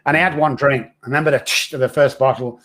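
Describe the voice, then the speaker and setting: A middle-aged man, a recovery expert appearing as a podcast guest, frankly recounts his own hard story. His mid-range voice is fairly bright, with fairly even intonation and a fast pace, and his telling is earnest and raw.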